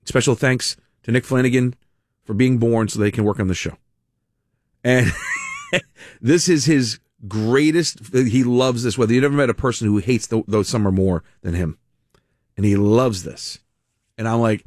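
A man's voice: mid-range voice, moderate pace, no echo, studio quality. A man hosting a talk radio show in a casual, chatty monologue, laughing as he talks. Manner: chatty, animated, laughs often. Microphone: studio mic.

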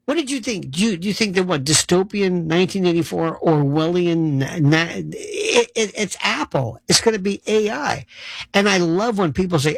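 Male commentator, sarcastic ranting monologue, gravelly voice, dry close sound. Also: sits high, normal speed, no room sound, rough recording. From United States. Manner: sarcastic, animated, mocking voices. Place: New York City.

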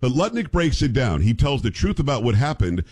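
An American man hosting a talk radio show, his pitch rising and falling in a lively way. He jokes and gives opinions in a casual chat, with a mostly neutral accent that keeps a trace of New York. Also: fairly quick, slightly rough. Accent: neutral American, hint of New York. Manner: animated, joking, opinionated.

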